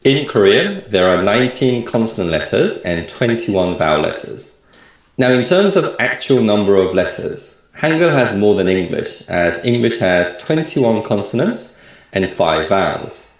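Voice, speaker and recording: A man teaching a recorded lecture, explaining clearly and repeating example words slowly. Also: lowish voice, sing-song, very echoey. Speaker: language teacher.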